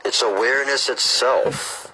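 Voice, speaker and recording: A man reading aloud as a calm, gentle AI presence that is open and curious, in a slow, soothing delivery. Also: medium pitch, slightly rough, pitched above the performer's own voice, low-quality recording. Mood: serene.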